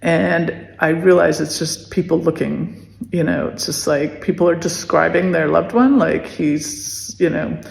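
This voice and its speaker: A woman in her fifties recalling a painful memory in a soft, emotional way, halting with many restarts and pauses. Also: low-pitched, gravelly. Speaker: podcast host telling her story. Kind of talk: personal recollection. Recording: echoey room with long reverb.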